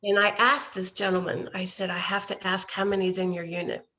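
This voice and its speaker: A woman's voice: medium pitch, flat delivery, a little fast, sharp tone. A woman guest in an online interview, earnestly telling how her care-package effort grew, often quoting others. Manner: earnest, storytelling with quoted voices. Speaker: guest, nonprofit founder. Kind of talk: casual interview storytelling. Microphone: video call.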